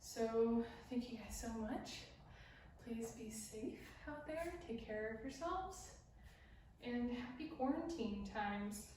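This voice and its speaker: A young woman dance teacher, out of breath after a routine, speaks in a high voice. She is some distance from the mic. The room has a strong echo. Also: animated, slow pace, darkish tone, slight background noise. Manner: counts steps and sings lyrics while dancing. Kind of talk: dance tutorial, counting and singing along. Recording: echoey room, voice from far off.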